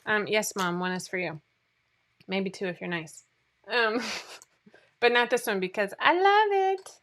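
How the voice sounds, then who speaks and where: A woman's voice: mid-range voice, expressive, measured pace, fairly bright tone. A woman hosting a casual livestream, chatting, rambling and laughing at herself as she reads viewer comments. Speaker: sewing pattern designer hosting a livestream.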